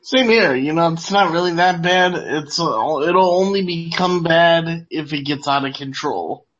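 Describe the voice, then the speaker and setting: A man's voice: fairly high pitch, a little slow, a bit bright. A man co-hosting a casual wrestling chat, laid-back and drowsy, laughing easily. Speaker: podcast co-host. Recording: dull lo-fi audio.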